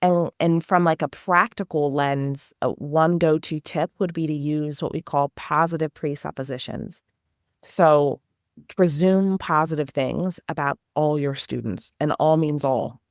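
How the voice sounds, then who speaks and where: A woman with a lowish voice answers interview questions in an earnest, animated way. She talks things through at length and acts out little bits of classroom dialogue. The sound is dry and close. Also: a little slow, no room sound. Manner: enthusiastic, earnest, animated explaining with acted-out teacher questions. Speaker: education consultant guest.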